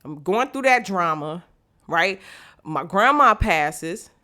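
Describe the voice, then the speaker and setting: A woman's voice: fairly low pitch, takes it slowly. A woman vlogger telling a motivational story in casual, slangy talk, speaking straight to viewers and acting out the voices she quotes. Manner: animated, acts out quoted voices; slangy, direct address to viewers.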